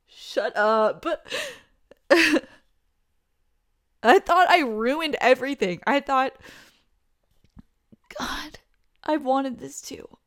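A woman's voice: high-pitched, drawn-out words, long pauses, a bit bright, no echo, studio quality, full character voice. A young woman voicing a pregnant best friend who confesses her love in an audio role-play, talking emotionally with stammers and laughing through tears. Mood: tearful joy.

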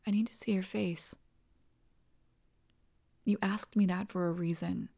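A woman in a whispered role-play as a doting partner, talking softly and tenderly and often dropping into whispers. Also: lowish voice, fairly even intonation, unhurried, vocal fry. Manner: soft, tender, soothing, slips into whispers. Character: doting, reassuring partner comforting the listener.

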